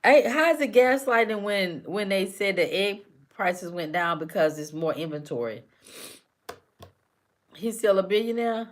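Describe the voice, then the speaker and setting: A woman's voice: mid-range voice, animated, a little slow. A woman hosting a casual live stream, talking back to her chat commenters by name with teasing, repetitive banter.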